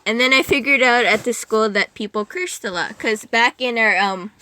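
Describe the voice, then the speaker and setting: A woman's voice: a little high, normal speed, pushed and bright, no room sound. A young woman chatting as a podcast guest, rambling, giggling and cutting herself off mid-sentence. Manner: rambling, giggly, self-interrupting. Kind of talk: casual chat.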